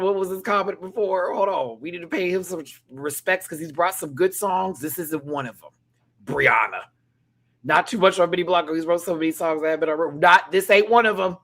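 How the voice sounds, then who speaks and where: A young man hosting a live review chat, sassy and animated, laughing and then dropping to quiet asides. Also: high voice, a little fast. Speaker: host reviewing a reality show live.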